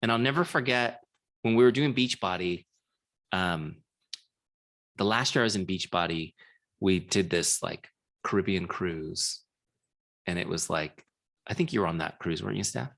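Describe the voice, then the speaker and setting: A man's voice: low-pitched, moderate pace, vocal fry, long pauses, a bit bright. A middle-aged man giving a casual live training, telling a story and often checking in with his listeners. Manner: casual, chatty, frequent "like" and rhetorical checks.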